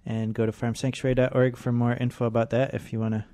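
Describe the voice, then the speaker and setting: A man's voice: mid-range voice, level tone, fast, mellow, dry recording. A man co-hosting a radio show, hesitant with many fillers and making dry quips. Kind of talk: casual radio banter.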